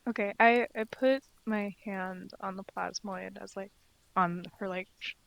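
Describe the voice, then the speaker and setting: A woman playing at a tabletop game, speaking quietly and softly. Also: medium pitch, steady tone, a little slow, gravelly, low-quality recording. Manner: quiet, soft-spoken. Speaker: player. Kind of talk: casual chat at a tabletop game.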